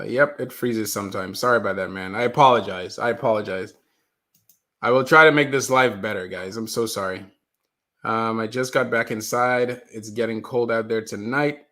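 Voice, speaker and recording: A man's voice: medium pitch, fairly bright tone. A man hosting a casual live stream from a basement, chatting with viewers, reading their comments aloud and apologizing when the stream freezes. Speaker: livestream host. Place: mother's basement.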